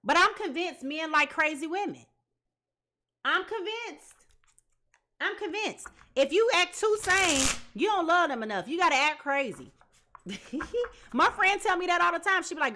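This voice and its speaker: A woman giving a live tarot reading to her viewers, talking in an animated, dramatic way. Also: extremely high pitch, moderate pace. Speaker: tarot reader.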